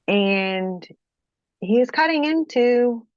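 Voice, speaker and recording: A woman from Kentucky giving a personal testimony in an interview, halting, restarting her sentences and often checking in with the listener. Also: fairly high pitch, lively intonation, no echo, dull audio. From Kentucky, USA. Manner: halting, frequent restarts, keeps checking with "okay?". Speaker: guest.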